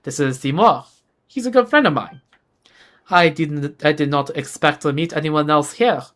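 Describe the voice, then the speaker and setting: A reader voicing a small, shy fairy creature with a mock French accent, soft, hesitant and childlike, in a fan reading of game dialogue. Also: medium pitch, moderate pace, natural voice.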